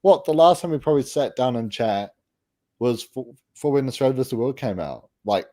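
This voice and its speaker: A man's voice: medium pitch, animated, a little fast, dark tone. A man hosting a casual chat show, upbeat and rambling, with lots of fillers. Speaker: podcast host.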